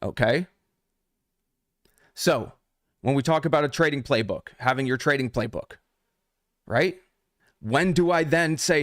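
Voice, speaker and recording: Male trading coach live-streaming, loose and profane, mid-pitched, close dry mic. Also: unhurried, long pauses, a bit bright, no echo. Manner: casual, profane, talks straight to chat. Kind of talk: unscripted live stream teaching.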